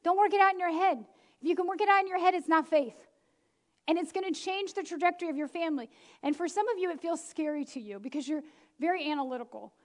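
A middle-aged woman preaching a lively sermon, laughing often and acting out the people she quotes. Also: very high voice, fast.

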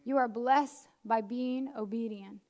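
Woman, high voice, preacher, chatty animated sermon, self-deprecating asides. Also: unhurried. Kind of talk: conversational sermon.

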